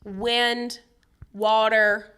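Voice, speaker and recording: A woman's voice: on the high side, very slow, slight background noise. A young woman from the Midwest with a St. Louis accent, co-hosting a casual podcast chat and acting out the people in her stories. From Midwest United States. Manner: animated storytelling, acts out quoted exchanges. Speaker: podcast co-host.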